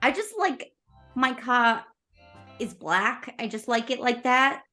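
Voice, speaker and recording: A bubbly, self-assured teenage superhero girl who teases her friends and laughs easily, as a woman plays her at a tabletop game. Her voice is bright and sparkling and swoops up and down a lot. She takes her time with each line. Faint music plays behind her. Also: a little high, expressive, slow pace, full character voice. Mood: playful. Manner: bubbly, giggly, teasing. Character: cheerful confident teen girl superhero. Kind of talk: tabletop role-play.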